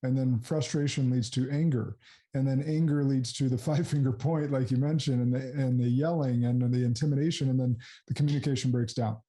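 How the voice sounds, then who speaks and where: A man in his thirties hosts a podcast in an earnest, reflective way, often affirming his guest. His voice is very mellow and warm, and he sits at a middling pitch. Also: fairly even intonation, fairly quick. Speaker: podcast host. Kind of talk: casual interview chat.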